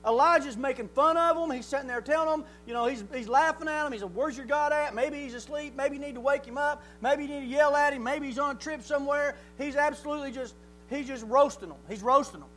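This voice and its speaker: High-voiced preacher, folksy. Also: male voice, quick pace, a little hiss or hum, poor audio. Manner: folksy, animated storytelling, rises to near shouting. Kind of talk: sermon.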